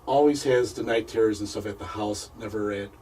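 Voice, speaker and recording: A man, a paranormal investigator, telling a personal story as a radio interview guest, halting and repeating words as he goes. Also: fairly low pitch, warm tone, breathy edge, recorded from a distance, low-quality recording.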